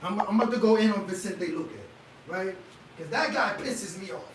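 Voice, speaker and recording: A man hosting a casual livestream, talking in an animated, rhetorical way and often asking "right?" for agreement. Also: high-pitched, a little fast, background noise. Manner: gets loud and excitable. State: leg cramp. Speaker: livestream host.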